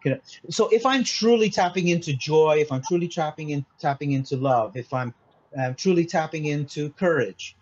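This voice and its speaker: A man's voice: fairly high pitch, normal speed, darkish tone, muffled recording. A man from Malta, a mindset consultant, explaining earnestly in a casual interview, often restarting and saying "you know". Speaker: mindset consultant, podcast guest.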